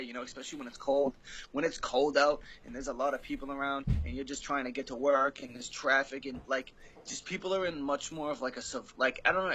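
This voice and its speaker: A man with a strong Boston accent, a podcast guest talking in quick, profane, joking casual chat. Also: medium pitch, fairly bright tone, husky, rough recording. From Massachusetts.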